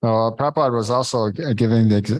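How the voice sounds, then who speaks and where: Low-ish mellow guy teaching a scripture class, lots of uhs and pauses, dry sound. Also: dry recording, poor audio. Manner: halting, searching for words, frequent fillers; informal, chuckles between points.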